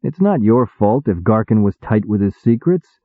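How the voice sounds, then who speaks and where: A man's voice: fairly low pitch, big pitch swings, normal speed, no echo. A man voicing an impatient, wisecracking male demon who talks bluntly in slang, on a tinny recording. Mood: gentle. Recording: tinny phone-like dry sound.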